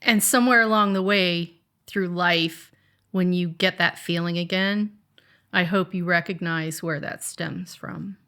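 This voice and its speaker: Middle-aged woman, bright sharp tone, emphatic advice-giving podcast co-host. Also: on the low side, fairly even intonation, unhurried. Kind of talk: casual podcast chat.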